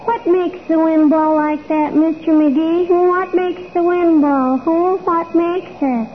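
A woman's voice: very high-pitched, fairly even intonation, takes it slowly. A woman voicing an eager, precocious little girl who asks question after question, in a 1940s radio comedy. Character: curious chatty little girl, full of questions. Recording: tinny old radio broadcast with faint hiss.

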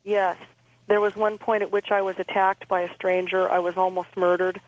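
A woman speaks calmly as an interview guest, halting and repeating her words. Her delivery stays even and flat, with little rise and fall. The sound is muffled, like a phone line. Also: mid-range voice. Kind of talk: recounting a personal experience.

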